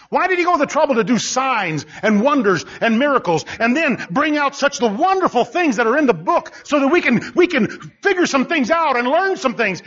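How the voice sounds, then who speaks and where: A man preaching a sermon, driving his points home with repetition and bursts of shouting. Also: very high voice. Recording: dull lo-fi recording.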